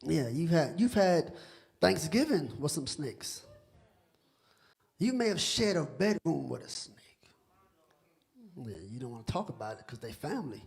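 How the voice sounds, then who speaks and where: A man preaching a sermon as pastor, joking with the congregation and building from quiet talk to shouting, often repeating words. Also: a little high, sing-song, normal speed, creaky, pauses often. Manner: conversational preaching that rises to shouting, with stammered repeats; humorous, teasing the congregation.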